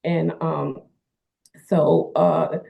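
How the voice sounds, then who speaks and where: A woman's voice: deep voice, little pitch movement, drawn-out words, creaky, slightly rough. A woman, a wrestler's manager and caretaker, telling a story in a rambling way with many fillers, heard over a phone-like line. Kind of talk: casual interview storytelling.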